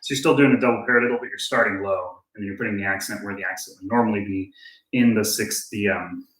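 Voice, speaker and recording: A man's voice: on the low side, fast, faint music behind. A man giving a casual drum lesson, thinking aloud and joking at his own mistakes. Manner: relaxed, self-deprecating, thinking aloud. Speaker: drum teacher. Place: room with drum kit and click track. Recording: roomy, with drumming and clicks.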